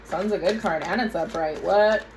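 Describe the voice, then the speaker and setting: A woman's voice: fairly low pitch, moderate pace, background noise. A woman giving a casual tarot reading to her viewers, chatty and direct, with frequent asides. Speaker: tarot reader.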